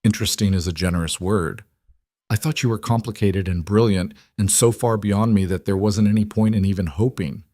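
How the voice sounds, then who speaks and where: A man's voice: on the low side, a little fast, a little mellow, no room sound, studio quality, natural voice. A man voicing a shy, tender young secretary. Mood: earnest. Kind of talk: audiobook romance narration.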